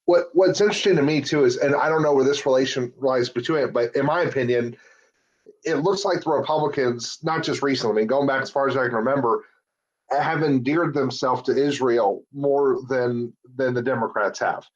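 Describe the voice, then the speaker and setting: A man's voice: medium pitch, a little fast, dull audio. A man co-hosting a casual podcast, talking bluntly and profanely, a little worn out from talking all day. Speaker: podcast co-host, lawyer. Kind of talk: casual opinionated chat.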